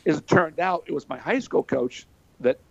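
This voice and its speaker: A man's voice: on the high side, lively intonation, normal speed, vocal fry, dry recording, highs cut off. An older man from Pennsylvania, telling stories in a folksy way with lots of fillers. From Pennsylvania, USA. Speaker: interview guest, former wrestler. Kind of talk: storytelling in casual chat.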